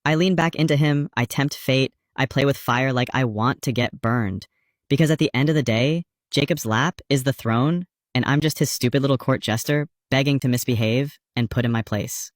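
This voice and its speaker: A man's voice: mid-range voice, normal speed, no echo, clean studio sound. A man delivering a playful, dramatic confessional monologue to camera, oversharing in a flirty, joking way. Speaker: content creator.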